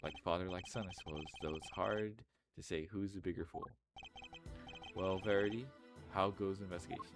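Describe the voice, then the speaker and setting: A man's voice: deep voice, steady tone, brisk. A man playing Excelsius Winter, teary old uncle. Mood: sentimental, avuncular. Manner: grandfatherly and teary. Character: genial elderly man, sentimental, theatrical, fatherly. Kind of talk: fan voice-over of a game. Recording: game music playing behind.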